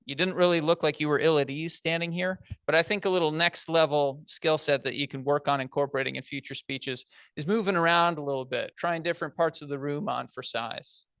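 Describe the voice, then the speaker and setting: A man's voice: a little high, fairly even intonation, a little fast, hardly any pauses, fairly bright tone, smooth, no room sound. A man evaluating a speech in front of an audience in a large meeting room, talking in an encouraging, conversational, plain-spoken way.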